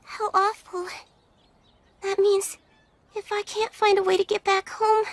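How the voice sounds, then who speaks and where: A woman's voice: very high-pitched, flat delivery, unhurried, dry recording. An actress playing a polite, earnest young witch girl who is lost far from home. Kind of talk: anime dub acting.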